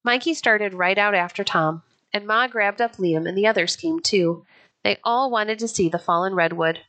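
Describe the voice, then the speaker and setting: A woman narrating a children's pioneer story in a clear, even, unhurried storybook reading. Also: mid-range voice. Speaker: audiobook narrator.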